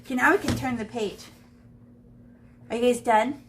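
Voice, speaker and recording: On the high side and at normal speed, a woman speaks over background noise. As an art teacher in a classroom, she runs a live drawing demo on shading, chatty and playful, thinking aloud with each stroke.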